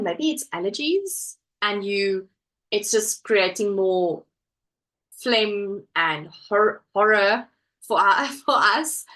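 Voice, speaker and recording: A woman's voice: medium pitch, bright, forceful tone, rough recording. A woman hosting a casual crafting live stream from home, chatting and reading viewer comments aloud. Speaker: livestream host.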